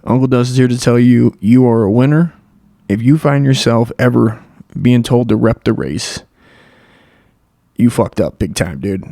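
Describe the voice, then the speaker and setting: A man's voice: medium pitch, moderate pace, vocal fry, dark tone, dry recording, studio quality. A man hosting a comedy show, riffing crudely in a rambling profane monologue. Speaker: comedy podcast host.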